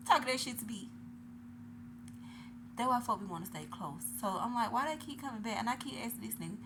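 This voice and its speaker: Loud, profane woman vlogging. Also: medium pitch. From Atlanta, USA. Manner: loud, profane, animated, swings between shouting and hushed asides. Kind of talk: casual storytelling monologue. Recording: noisy background.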